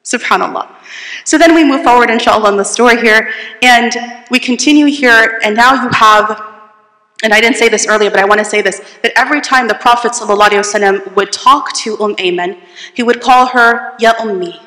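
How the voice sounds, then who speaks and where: A woman giving a storytelling religious talk to an audience, asking them questions as she goes. Her voice is bright and sits a little high. The room is large and echoey, with a long reverb trailing each phrase. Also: fairly quick. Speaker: religious teacher. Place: retreat hall with audience. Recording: echoey hall.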